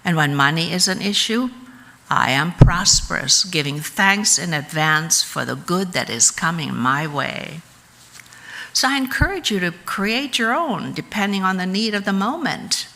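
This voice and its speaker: A woman giving a calm, measured teaching talk at a church service, explaining spiritual practices in an unhurried way. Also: lowish voice. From United States.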